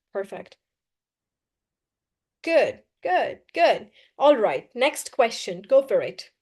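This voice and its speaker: A woman's voice: fairly high pitch, a little mellow. A young woman teaching English in a live online class, talking straight to her students, encouraging them and repeating her key points. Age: young adult.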